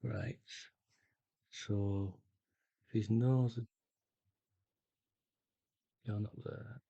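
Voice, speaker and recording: A middle-aged man chatting casually while he paints, slow and rambling with many pauses. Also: on the low side, steady tone, gravelly, mellow, no echo, lo-fi sound. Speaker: art vlogger.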